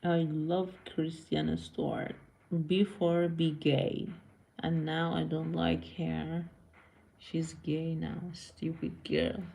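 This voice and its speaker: A woman's voice: low-pitched, flat delivery, slow, gravelly, mellow. A woman live streamer chatting casually with viewers, blunt and scolding, answering comments and switching between languages.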